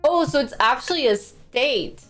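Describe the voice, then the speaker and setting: Woman streamer, slow unhurried talk, chatty and casual, trips over hard words, faint music underneath. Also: high voice, expressive, fairly bright tone. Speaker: live streamer. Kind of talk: casual live stream chat, reading news aloud.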